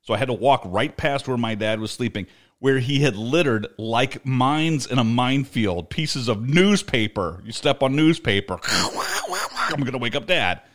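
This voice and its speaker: A man's voice: mid-range voice, lively intonation, a little slow, fairly bright tone. A middle-aged man co-hosting a podcast, telling a story in casual chat and laughing often as he talks. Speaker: podcast co-host.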